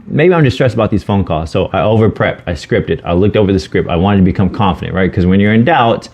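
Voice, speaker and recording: Speaking fast and animatedly, a man with a low, slightly mellow voice co-hosts a podcast. He's an adult with children, and he gets candid and earnest about rough times, with plenty of swearing.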